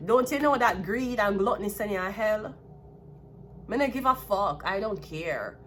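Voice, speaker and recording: A woman's voice: medium pitch, lively intonation, normal speed, a bit bright, slight background noise. A woman with a Jamaican accent giving a solo tarot reading, talking bluntly and with plenty of profanity. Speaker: tarot card reader.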